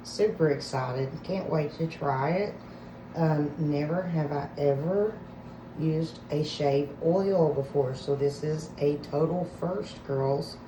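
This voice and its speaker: A low-voiced woman in her forties with a drawl speaks in a chatty, excitable vlog style. She talks right at her viewers, full of enthusiasm. A faint background noise sits under her voice. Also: slow. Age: 40s. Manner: excitable, chatty, talks straight to viewers with lots of "y'all" and "listen". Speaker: vlogger reviewing products. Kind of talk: casual product review vlog.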